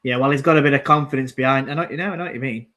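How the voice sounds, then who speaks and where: Racing along in a pushed, bright, mid-range voice, a man co-hosting a football watchalong commentates on the match. His casual chat rambles as he calls out substitutions and plays and grumbles about the play.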